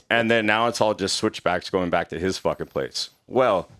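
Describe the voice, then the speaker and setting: Man, podcast guest, slightly low voice, swears a lot, rambling casual storytelling. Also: normal speed, fairly bright tone. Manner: profane, rambling, heavy on filler like.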